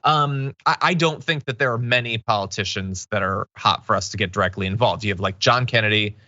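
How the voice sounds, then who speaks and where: A man's voice: on the low side, a little fast, sharp tone, no room sound, lo-fi sound. A man co-hosting a political commentary show, talking casually with sardonic, mocking asides.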